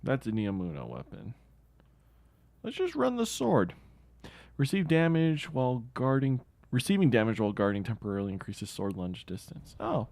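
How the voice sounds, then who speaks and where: A man's voice: mid-range voice, very animated, normal speed, gravelly, a little mellow. A man streaming a video game, chatting casually and thinking aloud as he plays. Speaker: gaming streamer. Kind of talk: casual gameplay commentary.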